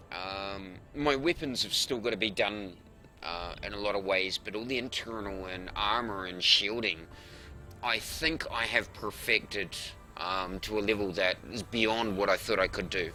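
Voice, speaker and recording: Bright-voiced boastful gamer man. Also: on the low side. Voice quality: profane, boastful, hesitant with many ums. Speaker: gamer on a voice chat stream. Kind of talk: casual chat about a space game.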